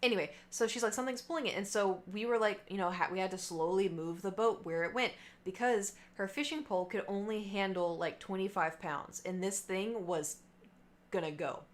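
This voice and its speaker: A woman's voice: medium pitch, normal speed. A young adult woman livestreamer in casual chat with her viewers, telling a rambling story full of fillers and asides.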